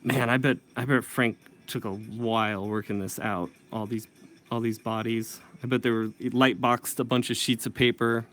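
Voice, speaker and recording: A man's voice: medium pitch, little pitch movement, moderate pace, a bit bright. A man teaching comic inking in a casual tutorial, thinking aloud and correcting himself as he works. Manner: thinking aloud while working, self-correcting. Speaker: comic book inker.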